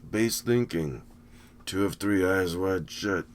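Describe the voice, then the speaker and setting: Speaking in a deep voice at a slow pace, this man gives casual running commentary over a movie. He wanders from point to point, dropping dry, sarcastic remarks along the way.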